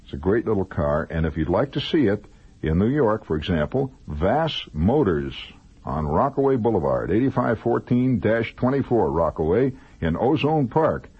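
A man's voice: on the low side, big pitch swings, moderate pace, husky. A man hosting a radio show, reading commercials as rambling, mock-serious jokes from a studio. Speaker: radio host. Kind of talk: comic ad-libbed radio commercials. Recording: dull lo-fi old radio broadcast.

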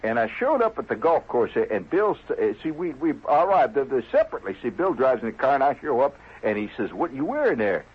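A man's voice: medium pitch, big pitch swings, a little fast, hardly any pauses, husky, dull audio. A man telling a rambling comic story in a folksy, digressive way. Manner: folksy, digressive, lots of "see?" and "you know". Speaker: comedian.

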